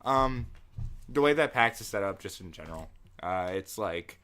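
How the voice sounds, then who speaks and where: A young man co-hosting a casual podcast, telling stories in an animated way, swearing and laughing often. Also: on the low side, moderate pace, crowd noise. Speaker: podcast co-host.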